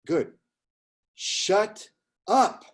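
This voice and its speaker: A man voicing his blunt old grandfather from Sicily and Boston, scolding in a gruff manner. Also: mid-range voice, flat delivery, takes it slowly, lightly acted.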